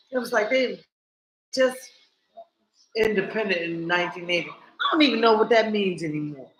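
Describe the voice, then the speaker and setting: A woman vlogging in a casual monologue, animated and blunt, cursing freely and talking straight to her viewers. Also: a little high, echoey room, a little hiss or hum, rough recording.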